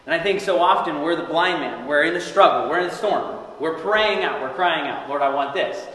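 A young man preaching a sermon in earnest, reading scripture and rising to loud cries as he acts out the quotes. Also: on the high side, normal speed. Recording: very echoey hall with long reverb.

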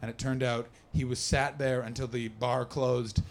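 A man's voice: medium pitch, little pitch movement, normal speed. A man doing stand-up comedy, telling a rambling, crude, self-mocking story and chatting with people in the crowd. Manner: talks with the crowd.

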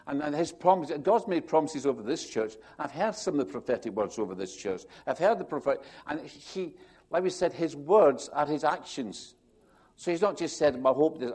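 A pastor preaches a sermon in an animated, rambling manner, acting out quotes and restarting his sentences. His voice is medium-pitched and slightly rough.

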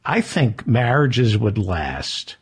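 A man's voice: fairly low pitch, very animated, takes it slowly, breathy edge. A man hosting a podcast, needling and mock-accusing his co-host in comedic banter.

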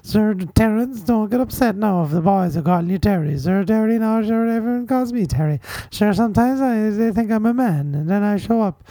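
A man putting on a high-pitched, nagging middle-aged Irish aunt with a heavy sing-song brogue, peppered with "sure" and "now". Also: animated, a little fast, hardly any pauses, mellow, no echo. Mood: fussing. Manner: exaggerated comic nagging with "sure" and "now" fillers. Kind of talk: comedy podcast bit.

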